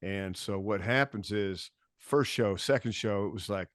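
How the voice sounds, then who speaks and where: A man telling a story as a podcast guest in casual chat, animated, acting out quotes and swearing freely. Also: on the low side, normal speed, few pauses, no room sound, clean studio sound. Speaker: podcast guest, bass tech.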